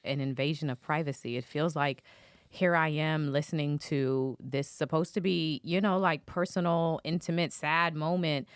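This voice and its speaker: Low-voiced woman talking legal news. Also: fairly even intonation, normal speed, clean tone, no room sound, studio quality. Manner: conversational, thinks aloud with fillers. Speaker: podcast host. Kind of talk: casual legal commentary.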